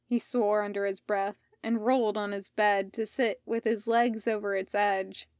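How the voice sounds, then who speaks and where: A woman narrating a fan fiction audiobook in a calm, even storytelling manner. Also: medium pitch, a little slow, dry recording, clean studio sound. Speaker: podfic reader.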